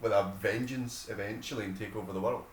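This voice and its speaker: A man's voice: lowish voice, fast, echoey room, slight background noise. A man co-hosting a podcast, telling a funny story in casual chat with lots of laughter. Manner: animated storyteller, acts out quotes with laughter. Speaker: podcast co-host.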